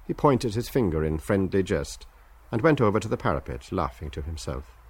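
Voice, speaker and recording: A man narrating a novel as an audiobook in a measured, stately way. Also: low-pitched, sing-song, breathy edge.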